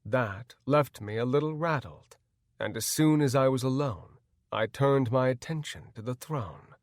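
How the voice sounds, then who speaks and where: A male audiobook narrator reading a first-person fantasy story at a slow, measured pace. His mid-range voice is recorded close and dry, with no room sound. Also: medium pitch, no echo.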